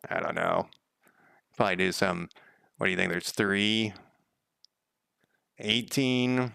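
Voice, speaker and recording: A man's voice: fairly low pitch, wildly swooping pitch, takes it slowly, creaky, pushed and bright, clear, resonant tone, no room sound. A man live-streaming while he codes a game, chatting casually in a rambling, profane way and counting under his breath. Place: home room.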